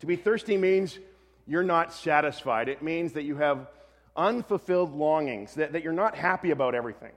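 A pastor giving a sermon in a relaxed, conversational way, often correcting himself and adding light humor. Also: male voice, a little high, moderate pace, big-room sound.

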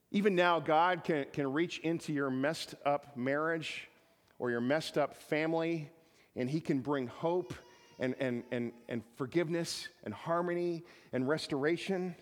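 A man's voice: on the high side, unhurried. A man preaching a sermon as pastor, often repeating words as he builds to emphatic peaks. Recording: long reverb of a large hall.

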